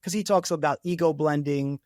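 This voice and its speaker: A man's voice: a little high, fairly quick, a little mellow, dry recording, studio quality. A man co-hosting a podcast, talking in an enthusiastic, rambling way with many restarts as he builds up long questions. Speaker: podcast co-host, science officer. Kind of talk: conversational interview.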